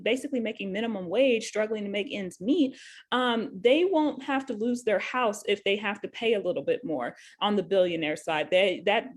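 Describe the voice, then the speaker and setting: A woman's voice: fairly high pitch, darkish tone. A middle-aged woman nurse, explaining a health bill in a casual online office hours chat, chatty with lots of fillers. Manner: chatty, casual, with frequent fillers and little laughs. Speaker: nurse and co-host.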